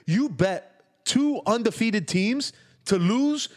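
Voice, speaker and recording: A man's voice: high-pitched, lively intonation, slow. A man co-hosting a podcast in casual chat, playful and laughing easily. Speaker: podcast co-host.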